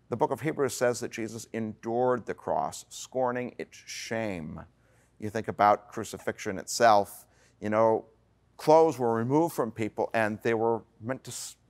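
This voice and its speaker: A man pastor preaching a sermon in an earnest way, with slow dramatic pauses and some fillers. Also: mid-range voice.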